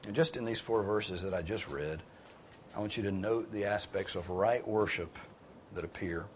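A man's voice: normal speed, slight background noise. A man preaching and teaching a Bible class, earnest and emphatic, who breaks into casual asides and raises his voice to drive a point home. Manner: earnest, emphatic, rises in pitch and volume for emphasis. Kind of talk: sermon with group discussion.

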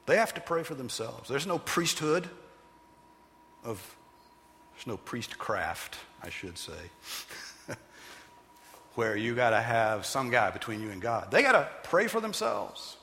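A man preaching a sermon as pastor, animated and emphatic, sometimes putting on loud voices for the people he quotes. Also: medium pitch, a little slow, pauses often, in a large hall, slight background noise.

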